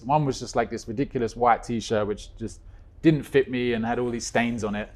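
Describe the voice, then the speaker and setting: A man guest telling a story in a casual chat, animated, with quick swings in pitch and loudness. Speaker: guest, co-creator of a stage musical.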